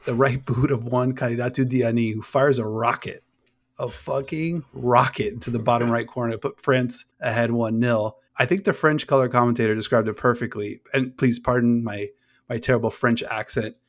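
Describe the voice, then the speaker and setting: A man's voice: medium pitch, steady tone, moderate pace. An American man hosts a casual sports podcast with real energy. He rattles through the match, curses freely and laughs between points, in the loose rhythm of an unscripted chat. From United States. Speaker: podcast host.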